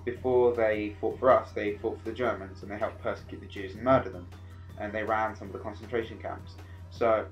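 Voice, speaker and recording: Rambling excitable teen vlogger. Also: male voice, medium pitch. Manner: rambling, excitable, with sudden loud outbursts. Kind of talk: rambling casual vlog monologue.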